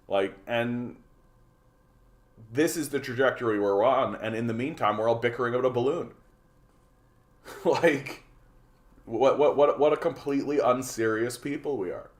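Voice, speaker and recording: A man's voice: mid-range voice, moderate pace, long pauses. A Canadian man hosting a political livestream, ranting sarcastically and repeating words as he goes. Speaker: livestream host.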